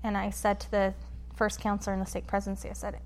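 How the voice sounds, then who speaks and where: A woman guest on a podcast, telling a personal story in a quick, animated way and acting out what others said. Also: mid-range voice. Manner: animated, quick storyteller who acts out quotes. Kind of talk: conversational storytelling interview.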